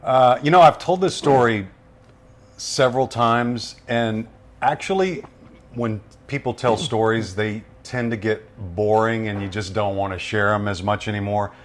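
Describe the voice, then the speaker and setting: A man with a voice on the low side speaks at a measured pace. He's a radio voice-over veteran appearing as a guest, casually and relaxedly telling stories about his career and acting out the voices he quotes.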